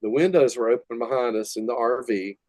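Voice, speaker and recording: A man's voice: mid-range voice, brisk, dry recording. Older man telling rowdy band stories. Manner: rambling, laughing, animated retelling. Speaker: guest, metal musician. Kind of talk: casual storytelling interview.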